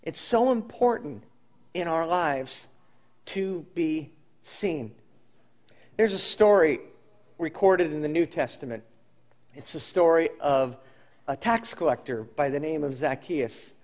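A man preaching a sermon, telling stories earnestly and often dropping to a soft, intimate tone. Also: a little high, animated, slow, pauses often. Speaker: pastor.

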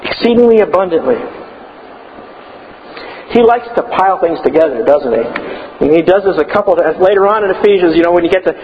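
A man preaching a sermon, emphatic and building to loud declarations. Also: high-pitched, animated, a little fast, pauses often, big-room sound, dull audio, a little hiss or hum.

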